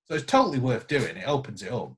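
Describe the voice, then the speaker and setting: A man's voice: mid-range voice, fast talker, slight background noise. A man, a guest guitarist, telling stories in casual podcast chat and acting out the quotes. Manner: animated storyteller acting out quotes.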